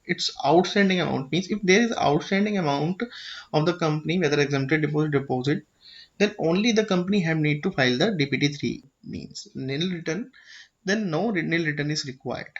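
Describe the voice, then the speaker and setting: A man's voice: a little high, a little fast. A man with an Indian English accent explaining a government filing form step by step. He often checks in with "okay?" and restarts his sentences. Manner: repeats "okay?" to check understanding, with frequent restarts. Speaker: tutorial presenter. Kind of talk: explanatory screen-share tutorial. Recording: dull lo-fi audio.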